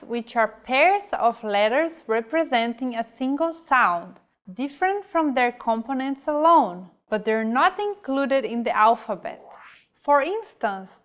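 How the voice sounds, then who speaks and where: Slow, careful woman teaching pronunciation. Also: on the high side. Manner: slow, carefully enunciated example words. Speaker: language teacher. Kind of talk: scripted language lesson.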